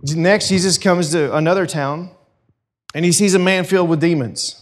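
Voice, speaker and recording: Conversational, animated male preacher. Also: sits high, normal speed. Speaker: pastor. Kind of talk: sermon.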